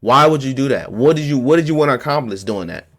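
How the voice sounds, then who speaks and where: A man's voice: medium pitch, expressive, fast talker. A man ranting to camera about politics, heated and confrontational, hammering his points by repeating them in blunt street slang. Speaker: vlogger.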